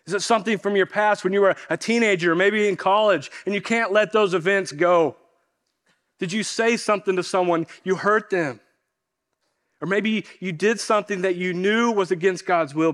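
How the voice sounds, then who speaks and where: Earnest high-voiced male pastor. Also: fairly bright tone. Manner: earnest, repeats phrases for emphasis. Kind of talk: sermon.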